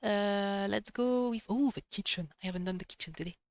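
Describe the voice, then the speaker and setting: A young woman streaming a video game live, chatting excitedly to herself while she plays. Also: mid-range voice, a little fast, faint music behind. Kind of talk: live gameplay commentary.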